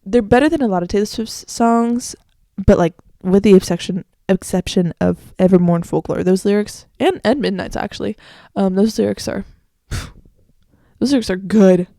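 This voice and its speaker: A woman's voice: mid-range voice, moderate pace, mellow, no echo, clean studio sound. A young woman hosting her own podcast, chatting casually and with strong opinions, full of "like" fillers, into a microphone. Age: young adult. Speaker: podcast host. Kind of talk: casual solo podcast chat.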